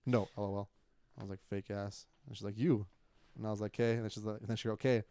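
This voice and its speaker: Smooth-voiced young man telling a story. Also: fairly low pitch, fast. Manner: profane, animated retelling with laughter. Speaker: podcast co-host. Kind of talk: casual chat, storytelling.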